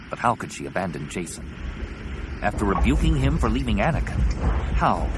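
A man narrating an audiobook in a dramatic, expressive reading. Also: fairly low pitch, very noisy.

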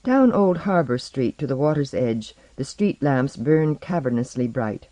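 Measured audiobook narrator. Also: mid-range voice, animated, dark tone, no echo. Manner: measured, dramatic reading. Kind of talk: scripted narration.

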